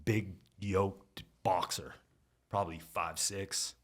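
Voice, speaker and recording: A middle-aged man with a low, deep voice tells stories in a relaxed podcast chat. He talks casually and slips into the voices of the people he is quoting. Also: slow pace. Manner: animated storyteller acting out quotes. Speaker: podcast guest. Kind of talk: casual storytelling.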